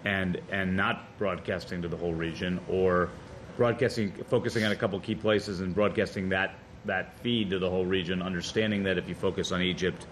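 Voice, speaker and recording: A man on a board, speaking in a meeting in a conversational, halting way with repeated words. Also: low voice, slight background noise. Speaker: board member.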